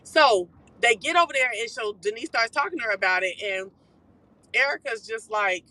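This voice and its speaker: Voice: medium pitch, no room sound, low-quality recording. A live-stream host giving a casual, profane gossip recap while driving a car. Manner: animated, profane, quick-talking.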